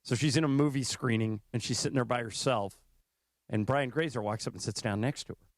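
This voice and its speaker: A man co-hosting a sports radio show, chatting casually and telling stories with animated acted-out voices. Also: mid-range voice, a little fast, dry recording, clean studio sound. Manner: animated storyteller, acts out quoted voices. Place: radio studio.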